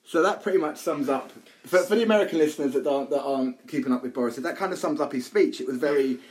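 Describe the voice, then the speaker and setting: A man co-hosts a casual podcast, talking with lively energy and tripping over repeated words as he restarts his sentences. His pitch sits in the middle of the usual male range. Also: fast, rough recording. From United Kingdom. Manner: animated, stammering restarts. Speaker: podcast co-host.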